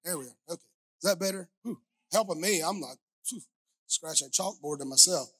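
A middle-aged woman pastor preaching a sermon on a clip-on mic, swinging from soft asides to loud shouted peaks and joking with the congregation. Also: on the low side, quick pace. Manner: playful, talks directly to the congregation. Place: church sanctuary. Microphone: headset or clip-on microphone.

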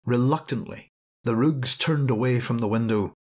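Husky man reading a story aloud. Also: mid-range voice, moderate pace, darkish tone. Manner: dramatic storytelling, acting out cries. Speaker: audiobook narrator. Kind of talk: scripted narration.

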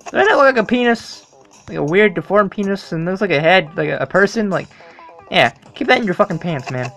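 A gamer commenting casually while playing, excitable and swearing, with loud startled outbursts. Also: medium pitch, brisk. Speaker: let's play gamer.

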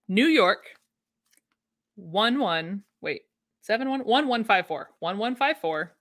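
A woman's voice: on the low side, expressive, a little slow, a bit bright. A woman hosting a casual livestream, chatting enthusiastically and answering viewer comments. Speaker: vintage sewing pattern livestream host. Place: home room.

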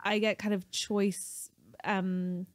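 A woman's voice: mid-range voice, level tone, slow pace, dry recording. A woman co-hosting a podcast in casual chat, rambling and self-mocking, teasing her co-host.

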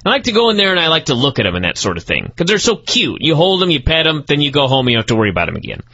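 Male podcast host, bright and animated, sarcastic and profane, husky edge, dull lo-fi sound. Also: on the high side, racing. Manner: profane, mocking, storytelling. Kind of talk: sarcastic wrestling recap.

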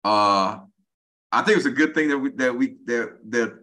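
A man's voice: mid-range voice, normal speed. A man in his forties, a podcast guest chatting casually and acting out quoted speech as he tells stories. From United States. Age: 40s. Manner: animated storyteller, acts out quoted speech. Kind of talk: casual conversation.

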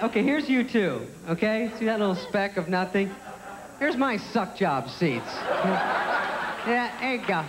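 A young man in his twenties doing a stand-up comedy set, sarcastic and self-deprecating. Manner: sarcastic, self-deprecating, jumps into high squeaky voices for characters. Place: theater stage before a live audience. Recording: live stage recording in a large hall with audience noise.

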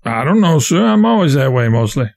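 A man reading the part of a frightened young stowaway who pleads and spins quick tales. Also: mid-range voice, very animated, creaky, a little mellow. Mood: pleading. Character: scared young stowaway boy, quick with a lie.

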